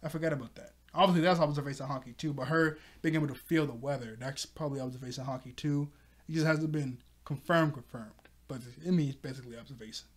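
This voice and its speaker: A man's voice: medium pitch, fast. Rambling, chuckling male anime reviewer. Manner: rambling, laughs often, fillers like "obviously". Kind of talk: casual episode recap.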